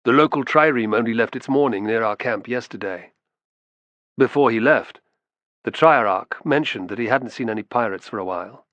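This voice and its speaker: A man's voice: mid-range voice, normal speed, a bit bright, dry recording, dull audio, natural voice. A man voicing a wealthy, shrewd older beast trader who speaks in a smug, sonorous way. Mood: smug, probing.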